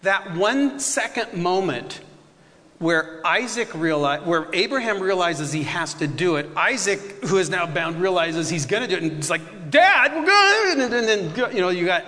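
A bright, high-pitched man speaks in a room with a long, hanging reverb. He leads a question-and-answer discussion and acts out the voices in his stories in lively bursts, often laughing as he goes. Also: normal speed. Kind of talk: animated Q&A discussion.

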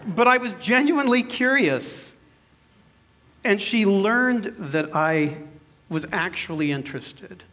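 A man's voice: sits high, slow. A man in his fifties, a pastor preaching a sermon and telling a personal story in a jokey, self-deprecating way. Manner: animated, shifts between loud and soft.

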